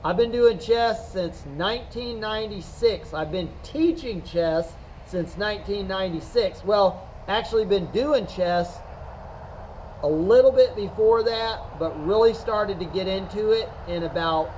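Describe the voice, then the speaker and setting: Slow, emphatic chess coach, high voice. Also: male voice, darkish tone, slight background noise, poor audio. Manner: rambling, emphatic, repeats himself. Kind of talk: unscripted talk to camera.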